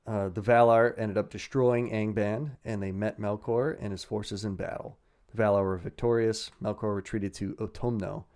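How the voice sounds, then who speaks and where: A man's voice: on the low side, fairly even intonation, moderate pace, hardly any pauses, darkish tone. A man casually retelling fantasy lore on a podcast with crude jokes and frequent laughs. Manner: crude jokey storytelling, laughs often. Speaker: podcast host telling lore.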